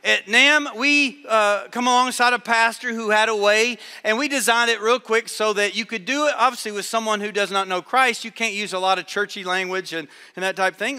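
A man preaching a sermon to a live audience, telling a story with animated voices for the people in it. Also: high-pitched, clear, resonant tone, in a large hall.

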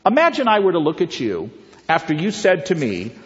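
A man's voice: fairly high pitch, wildly swooping pitch, a little fast. A man giving a persuasive public talk, telling stories and putting rhetorical questions to his audience. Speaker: pro-life speaker. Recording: reverberant, dull lo-fi hall recording.

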